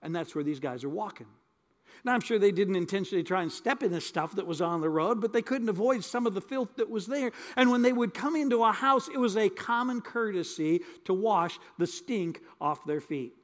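Older man as pastor, high voice, folksy sermon, hall reverb. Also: expressive, fairly quick, a bit bright. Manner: folksy, repeats words for emphasis. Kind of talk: sermon with storytelling.

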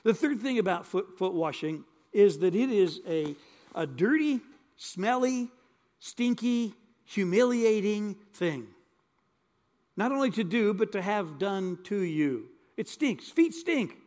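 Older man as pastor, high voice, folksy sermon, hall reverb. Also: lively intonation, takes it slowly, darkish tone. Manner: folksy, repeats words for emphasis. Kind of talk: sermon with storytelling.

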